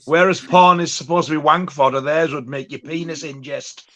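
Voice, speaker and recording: A man with a Teesside accent, cracking crude, profane, deadpan jokes in casual livestream chat. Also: fairly high pitch, fairly quick. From Teesside, north of England.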